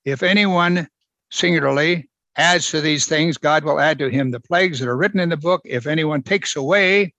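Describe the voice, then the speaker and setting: A man's voice: a little high, normal speed, bright, forceful tone, no echo. A man preaching a verse-by-verse sermon, emphatic and repeating phrases for stress. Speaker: pastor. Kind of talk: expository sermon.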